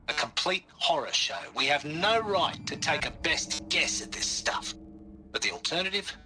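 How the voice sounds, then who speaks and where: A fatalistic outdoorsman with an Australian accent reflects in a recorded game log. His voice is sharp and very bright, delivered bluntly and dryly. Faint music runs beneath him. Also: medium pitch.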